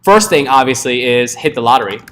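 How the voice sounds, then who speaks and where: A man's voice: medium pitch, expressive, fairly quick, fairly bright tone. A man teaching a live coding class in a casual, joking way, often checking in with the room. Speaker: coding instructor.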